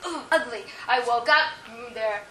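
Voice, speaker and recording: Woman telling her testimony emphatically, high bright voice, sounds far off in an echoey room. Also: normal speed. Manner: emphatic storytelling, with frequent laughs. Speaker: speaker sharing a testimony. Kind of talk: sermon testimony. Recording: echoey room, speaker far from the mic, faint noise.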